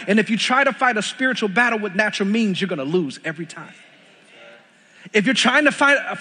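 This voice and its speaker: Emphatic young Texan pastor, high bright voice. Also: male voice, slightly rough. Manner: emphatic, repeating lines for stress. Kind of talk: sermon. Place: church sanctuary. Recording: long reverb of a large hall.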